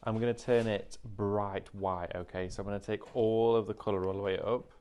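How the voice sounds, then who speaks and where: Male craft presenter, lower register, friendly step-by-step explaining. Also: steady tone, moderate pace, dark tone, clear, resonant tone. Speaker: craft demonstrator. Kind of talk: live shopping craft demo.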